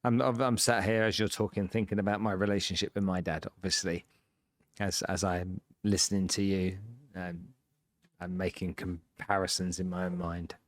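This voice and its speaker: Male host in his 40s, low and flat, earnest and musing. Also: moderate pace. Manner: earnest and thoughtful, rambling with fillers. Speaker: podcast host. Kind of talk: casual interview chat.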